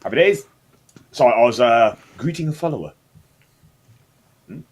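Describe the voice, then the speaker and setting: Man, husky voice, higher pitch, lively and animated, jokey tabletop player. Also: normal speed. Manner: jokey, laughs often. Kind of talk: casual tabletop game chat.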